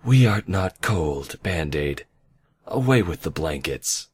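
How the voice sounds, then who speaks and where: A man's voice: low voice, lively intonation, takes it slowly, breathy edge, exaggerated voice. A man voicing an imperious female alicorn princess who commands in the royal plural. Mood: haughty.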